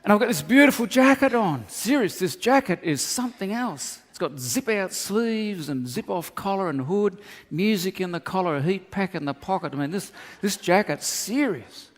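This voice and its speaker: A man's voice: high-pitched, moderate pace, few pauses. A man preaching a sermon, telling comic stories and acting out the voices in them. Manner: animated, acts out voices in his stories. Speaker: pastor. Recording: long hall reverb.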